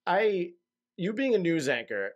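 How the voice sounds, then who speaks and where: A man's voice: high voice, sing-song, a little slow, highs cut off. A man hosting a casual interview, joking and playful with his guest. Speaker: host.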